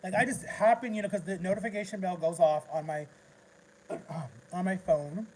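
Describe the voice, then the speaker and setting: A man's voice: high voice, steady tone, moderate pace, background noise. A man vlogging in a casual livestream, rambling through an emotional story with lots of restarts.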